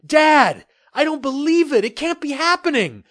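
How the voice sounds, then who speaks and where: Guy doing a high excited teen boy, breathless and urgent, audiobook voice. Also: normal speed, heavily acted. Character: excited teenage boy pirate hero. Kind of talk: audiobook character voice.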